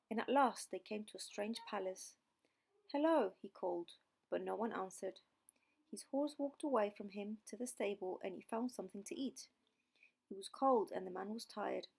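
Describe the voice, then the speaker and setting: Woman reading a storybook out loud, slow and clear for learners, bit of fry. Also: mid-range voice. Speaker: audiobook narrator.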